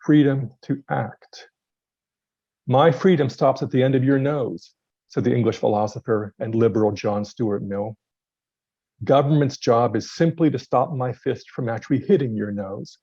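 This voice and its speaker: A man giving a sermon-style lecture at a worship service, measured and deliberate, with some passages read aloud. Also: mid-range voice, mellow, husky, dry recording, highs cut off. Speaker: guest speaker.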